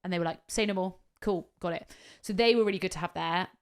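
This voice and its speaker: A woman tells a story in a casual podcast chat. She is animated and swears freely. She acts out what other people said along the way. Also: fairly low pitch, quick pace, smooth. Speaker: podcast co-host.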